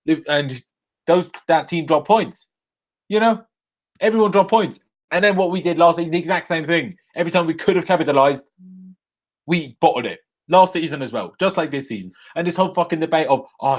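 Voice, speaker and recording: A young man live-streaming a rant after a football match, angry and swearing, jumping from loud outbursts to low muttering into a desk microphone. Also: lively intonation, brisk. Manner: angry, swearing, swings between shouting bursts and low muttering.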